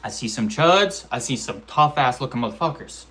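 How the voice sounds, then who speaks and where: Young male vlogger, slangy and animated, mid-pitched voice, casual storytelling. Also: moderate pace. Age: 20s. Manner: animated, slangy, profane storytelling with acted-out quotes and sound effects. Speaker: amateur MMA fighter vlogger.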